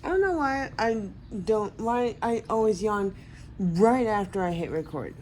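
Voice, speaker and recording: A woman's voice: medium pitch, expressive, unhurried, a little mellow, slight background noise, rough recording. Groggy, rambling woman vlogger. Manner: rambling, groggy self-talk. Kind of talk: casual vlog chat.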